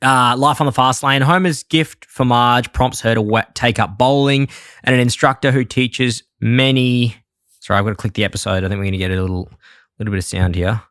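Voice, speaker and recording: A man's voice: medium pitch, no room sound. Sex: man. Role: podcast co-host. Style: casual chat, dry close sound. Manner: excitable, quick to laugh.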